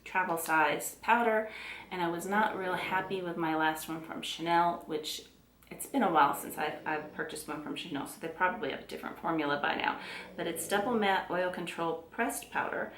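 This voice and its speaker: A woman's voice: lowish voice, moderate pace, slight background noise. Chatty Southern woman in an echoey room. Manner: chatty, relaxed, self-deprecating. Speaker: beauty vlogger. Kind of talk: casual chat to camera. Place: room at home.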